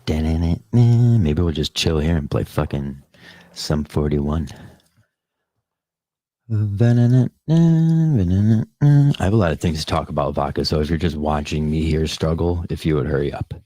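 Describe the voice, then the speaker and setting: A man's voice: extremely low pitch, fairly even intonation, fairly quick, dark tone, no room sound. A podcast host on a casual live stream, rambling and swearing as he talks back to the chat comments.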